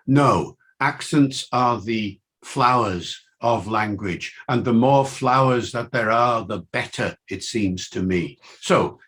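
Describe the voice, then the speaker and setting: A man's voice: slow pace, hardly any pauses, slightly rough. An older man with a mixed Welsh and Liverpool accent, giving a university lecture with enthusiastic, swinging emphasis. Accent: Welsh and Liverpool mix. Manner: enthusiastic, lively pitch swings.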